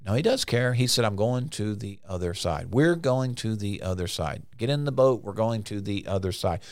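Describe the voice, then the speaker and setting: A man preaching a conversational sermon, now and then acting out frantic voices in sudden high bursts. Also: animated, moderate pace, smooth, dry recording, clean studio sound.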